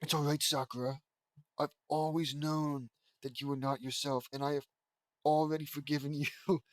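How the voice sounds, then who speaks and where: The reader voicing an earnest teenage boy ninja hero, soft and devoted, read slowly in a dry, close storybook voice. it sits a bit lower than the reader's usual talk. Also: level tone, dry recording, natural voice. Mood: tender. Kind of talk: mock-dramatic fan fiction reading.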